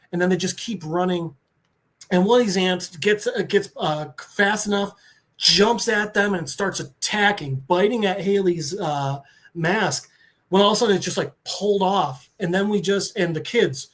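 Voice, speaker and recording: A man on a podcast, recapping a comic book story with excitement and swearing, briefly voicing the characters. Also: sits high. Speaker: podcast co-host.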